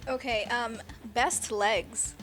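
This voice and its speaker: A woman's voice: on the high side, steady tone, slow, fairly bright tone. A woman interviewer reading out game questions lightly, with small fillers. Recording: music clearly behind.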